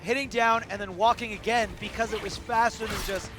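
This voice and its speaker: A man with a voice going hoarse, giving live commentary at a fighting game tournament and explaining things, correcting himself as he goes. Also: high-pitched, fairly even intonation, fairly quick. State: hoarse, losing his voice. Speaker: esports commentator. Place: tournament venue. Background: music.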